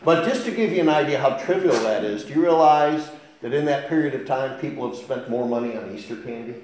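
A man preaching to his congregation, spinning folksy stories between scripture. His pitch rises and falls widely as he talks. His voice rings through a very echoey church sanctuary. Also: brisk. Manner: folksy storytelling preacher, animated delivery. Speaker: pastor. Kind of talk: sermon.

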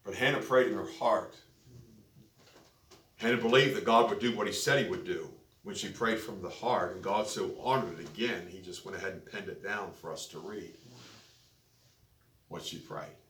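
A man's voice: sits low, moderate pace, long pauses, a bit bright. A man preaching a sermon, telling a story and building to emphatic peaks. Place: church sanctuary. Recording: echoey church, distant mic, faint noise.

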